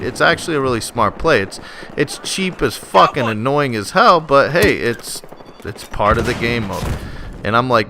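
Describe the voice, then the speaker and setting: A man giving gameplay commentary as a voice-over, excitable and swearing freely as he rants about the match. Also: mid-range voice, normal speed. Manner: excitable, profane, frustrated ranting. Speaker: gaming channel host. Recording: noisy background.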